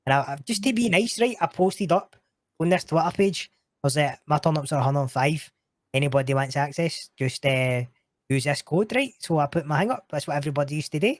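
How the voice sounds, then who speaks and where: A man's voice: fairly high pitch, a little fast, dry recording, studio quality. A man with a Scottish accent, a guest on a casual chat show, swearing freely and laughing through his stories. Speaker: podcast guest.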